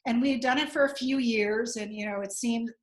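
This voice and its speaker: Halting woman in her forties. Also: fairly high pitch, steady tone, poor audio. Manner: halting, with restarts. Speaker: teacher hosting a community discussion. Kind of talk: casual panel talk.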